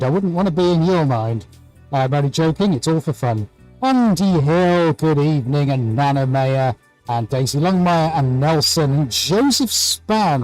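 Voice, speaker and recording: A man with a fairly high, slightly mellow voice hosts a live painting tutorial from his art studio, chatting cheerfully during the demonstration and greeting viewers by name. The recording is rough.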